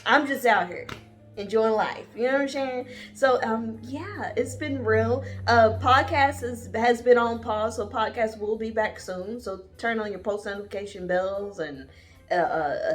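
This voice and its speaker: A woman's voice: a little high, measured pace, soft background music. A woman vlogger giving a casual, rambling show review, sassy and calling her viewers honey and darling. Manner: rambling, with many fillers and trailing asides.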